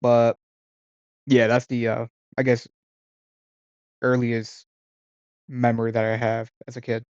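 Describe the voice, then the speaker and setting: A young man speaks at a middle pitch, halting and searching for words as he tells a memory. The sound is dry and dull, with no room echo. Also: monotone, a little mellow. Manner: hesitant, full of fillers and restarts. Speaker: podcast co-host. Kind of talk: casual chat.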